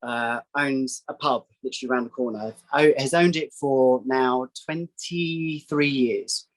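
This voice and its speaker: A man, a psychic guest telling a story in casual chat, acting out quoted voices in a higher pitch. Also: fairly even intonation, unhurried, rough recording. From England.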